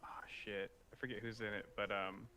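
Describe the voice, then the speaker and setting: A man co-hosting a live tech show in a relaxed, joking way, swearing casually now and then. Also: lowish voice, fairly quick, a little hiss or hum. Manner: laid-back, joking, loose with swearing. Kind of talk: casual livestream chat.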